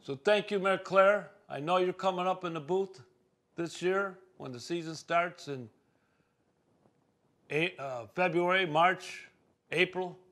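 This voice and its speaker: A man's voice: high-pitched, a little slow, a bit bright. A man hosting a local cable talk show, rambling through community sports talk with frequent fillers.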